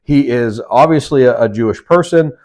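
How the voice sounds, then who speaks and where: This Sunday School teacher has a medium-pitched, slightly mellow voice as he gives a Bible study lesson. He talks informally, voicing the quotes he reads and repeatedly backing up to correct himself.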